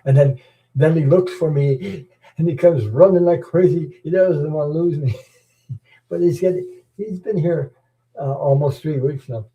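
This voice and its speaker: A middle-aged man hosts a tarot channel live stream, chatting casually, rambling, chuckling, and often repeating words. His voice is a little high and a little slow, and the audio sounds narrow and tinny.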